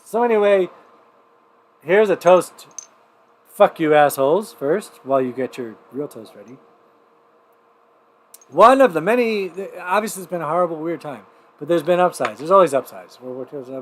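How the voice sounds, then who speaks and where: A man hosting a livestream showcase, telling a rambling, profane story in casual chat and swinging between loud outbursts and muttered asides. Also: on the high side. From New Mexico. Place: home.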